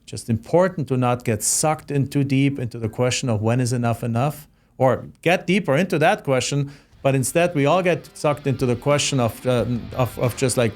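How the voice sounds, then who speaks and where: A middle-aged man with a German accent hosts a reflective solo monologue. He speaks heartfelt and halting, often starting a phrase over before finishing it. His pitch sits in the ordinary middle range for a man. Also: a little mellow, soft background music. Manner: heartfelt, halting, many restarts. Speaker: host.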